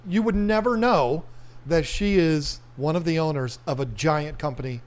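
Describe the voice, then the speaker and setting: Higher-voiced man hosting a podcast. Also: moderate pace. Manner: short encouraging replies. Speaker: podcast host. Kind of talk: casual chat.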